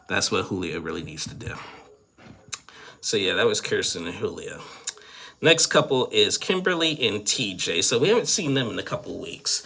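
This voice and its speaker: A man's voice: lowish voice, very animated, normal speed, gravelly, sharp tone, slightly rough. A man casually recapping a reality show, rambling with lots of fillers and giving frank opinions.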